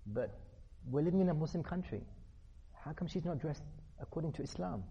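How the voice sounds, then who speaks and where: Earnest middle-aged man with a husky voice. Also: a little high, expressive, brisk, muffled recording. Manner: earnest, repetitive emphasis, acts out dialogue. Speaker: religious speaker. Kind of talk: religious lecture on parenting.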